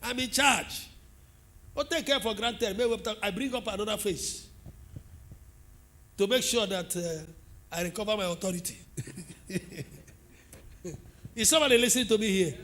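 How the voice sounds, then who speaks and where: Nigerian pastor, middle-aged man, lively storytelling sermon, high tense voice. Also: normal speed, long pauses. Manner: animated storytelling preacher, asks the congregation questions.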